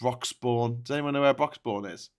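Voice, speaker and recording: A man's voice: mid-range voice, moderate pace, clear, resonant tone. A man from northern England hosting a live chat show, teasing his co-hosts and reading out viewer messages. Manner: teasing, jokey. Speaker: host. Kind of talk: casual chat.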